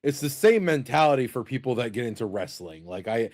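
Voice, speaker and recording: A man's voice: mid-range voice, animated, brisk, darkish tone. A man in a casual podcast chat speaking bluntly and emphatically, with swearing.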